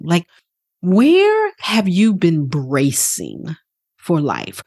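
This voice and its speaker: A woman with a husky, slightly breathy voice speaks as a wellness coach on her podcast. Her pitch swings widely as she presses her points with earnest, casual energy. She swears freely and acts out little quoted voices. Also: very animated, takes it slowly, darkish tone. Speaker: wellness coach and program host. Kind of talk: motivational podcast talk.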